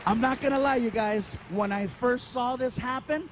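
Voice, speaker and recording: A man with a very high voice performs a stand-up set on a theater stage, animated and playful as he tells his stories. He speaks into a handheld mic, with a faint hum underneath. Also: normal speed. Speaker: stand-up comedian. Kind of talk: stand-up comedy routine. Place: theater stage before an audience.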